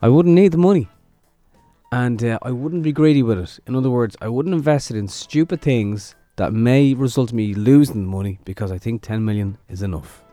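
A man's voice: mid-range voice, a little fast, dark tone, no echo, faint music behind. A man co-hosting breakfast radio, throwing in dry wisecracks. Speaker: radio co-host.

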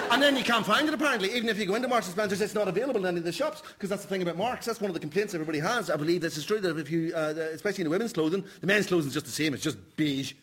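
A man's voice: high voice, heavy background noise. A man riffing on a comedy panel show, rambling and jokey with lots of hesitations. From Northern Ireland. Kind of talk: comic panel banter.

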